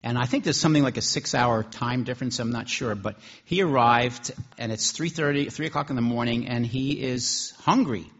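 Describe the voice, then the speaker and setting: Husky-voiced preacher telling a story. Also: male voice, mid-range voice, normal speed, hardly any pauses, a bit bright, lo-fi sound. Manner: conversational, with restarts. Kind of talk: sermon storytelling.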